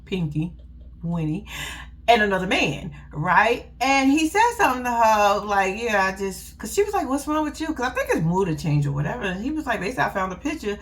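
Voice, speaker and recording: A woman's voice: medium pitch, big pitch swings, fairly quick. A young woman, giving a blunt, sassy, profane casual recap with laughing asides. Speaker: reality TV recap host.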